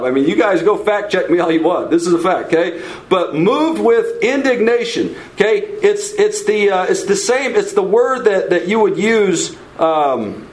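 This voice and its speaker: High-voiced man teaching a Bible study. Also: rough recording. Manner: informal, repeats words, checks in with "okay?"; asks the audience questions.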